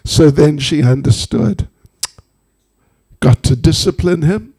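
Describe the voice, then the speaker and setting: Slow-talking spiritual teacher guy, gravelly and mellow, joking with the crowd as he tells the story. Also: a little high. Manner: humorous, chatty asides to audience. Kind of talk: devotional storytelling talk.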